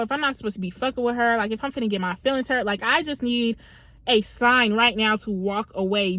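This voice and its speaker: A young woman with a slightly high voice tells a story to her viewers. Her delivery is casual, full of slang and swearing. The recording is dry and close. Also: a bit bright, no room sound. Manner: slangy, profane, conversational retelling. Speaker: vlogger.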